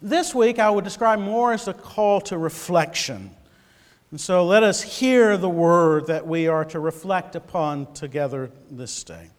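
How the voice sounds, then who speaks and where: A man preaching a sermon and reading scripture, telling stories with lively, dramatic bursts and halting repeated words. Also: high-pitched, in a large hall. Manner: animated, dramatic storytelling with sudden loud bursts; halting repetitions. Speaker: pastor.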